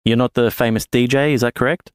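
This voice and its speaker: A man's voice: medium pitch, fairly even intonation, fast talker, smooth, no room sound. A man hosting a sports podcast in a casual, enthusiastic, friendly way. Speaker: podcast host.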